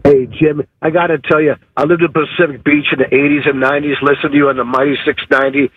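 A man's voice: fairly high pitch, level tone, fast, slightly rough. A man calling into a radio show, chatty as he tells his story. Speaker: caller. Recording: tinny phone line.

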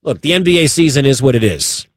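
A man's voice: mid-range voice, animated, fast, dry recording, studio quality. A man hosting a sports talk radio show, talking emphatically and repeating his points for stress.

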